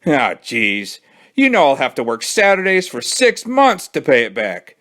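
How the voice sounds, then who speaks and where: A man's voice: medium pitch, wildly swooping pitch, measured pace, bright, forceful tone, voice pushed up, full character voice. A man voicing a sulky, scheming young boy in a storybook read-aloud, in a raised voice. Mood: glum.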